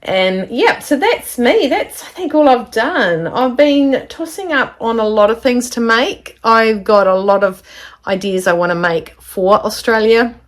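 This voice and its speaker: A woman chatting casually to camera from her home sewing studio, rambling and excitable as she shows her makes. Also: a little high, unhurried. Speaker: sewing vlogger.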